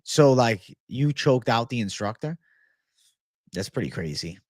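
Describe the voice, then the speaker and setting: A man hosting a livestream chat, talking at a mid-range pitch in a loose, laid-back way, with plenty of blunt swearing. His voice sounds dry and close to the mic. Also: lively intonation, unhurried, a little mellow, no room sound. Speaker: livestream host. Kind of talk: casual livestream chat, reading viewer comments.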